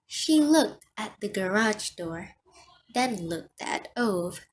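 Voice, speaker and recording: A woman reading an audiobook aloud in a slow, expressive manner. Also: medium pitch, slight background noise. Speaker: audiobook reader. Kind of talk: audiobook narration.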